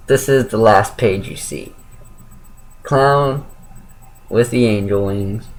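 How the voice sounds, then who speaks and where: A man's voice: on the low side, a little hiss or hum, poor audio. A young man giving a casual, rambling spoken review of a comic book, with lots of fillers and self-corrections.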